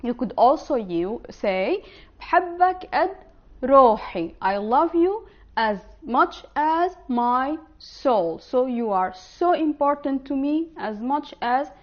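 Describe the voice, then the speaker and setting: A woman's voice: high-pitched, animated, highs cut off. Woman teaching a language lesson. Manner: slow, careful pronunciation of example words.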